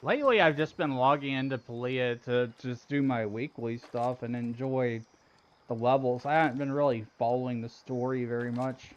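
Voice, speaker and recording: Male streamer, relaxed, rambling, giggly banter over gameplay; medium pitch, slightly muffled recording. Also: normal speed. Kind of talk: casual gameplay commentary.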